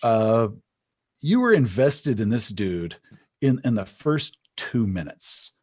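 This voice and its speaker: A man's voice: lowish voice, animated, takes it slowly, a little mellow, husky. A man talking as a podcast guest in casual conversation, rambling and chatty, restarting his sentences as he tells stories.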